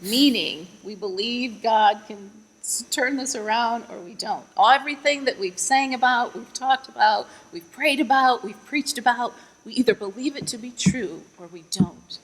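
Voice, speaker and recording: A woman's voice: a little high, normal speed, hardly any pauses, fairly bright tone. A mother giving an earnest faith testimony in an interview, retelling her prayers with rising emphasis. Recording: long echoing reverb.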